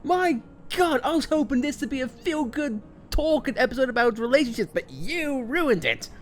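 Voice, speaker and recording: A man hosting a let's play, joking and excitable as he comments on the game. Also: very high voice, moderate pace. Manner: excitable, jokey, laughs often. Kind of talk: gameplay commentary.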